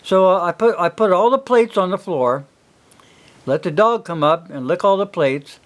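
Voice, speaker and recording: Older man, high-pitched, casual folksy storyteller, rambling delivery. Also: normal speed. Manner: rambling, folksy, many fillers. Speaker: single father telling stories.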